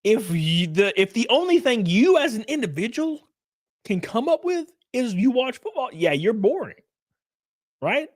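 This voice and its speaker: A young man streaming, ranting casually with lots of swearing, jumping between loud outbursts and low mutters. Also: big pitch swings, unhurried. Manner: profane, ranting, swings between loud and mumbled. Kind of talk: casual livestream chat.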